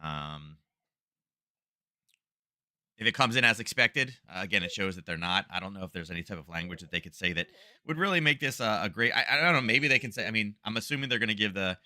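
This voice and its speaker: A man with a lowish, bright, forceful voice runs a live trading stream. His talk rambles and is full of fillers, with an easygoing, unscripted flow. The sound is dry and close. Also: expressive, fairly quick, no room sound. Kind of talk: casual live market commentary.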